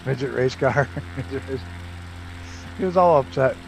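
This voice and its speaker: A man's voice: medium pitch, moderate pace, gravelly, music in the background, low-quality recording. A man chatting casually while streaming a flight simulator, telling profane racing stories and laughing often.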